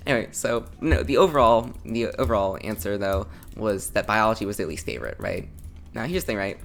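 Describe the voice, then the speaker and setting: A man's voice: medium pitch, gravelly, a bit bright, a little hiss or hum. A man casually telling a long school story over gameplay, rambling with frequent chuckles and asides. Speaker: gameplay commentator.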